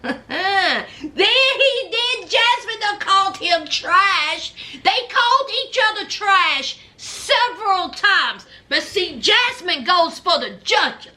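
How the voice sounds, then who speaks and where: Sassy woman commentator recapping reality TV, high and bright. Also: animated, takes it slowly. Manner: sassy, gossipy, says "honey" a lot.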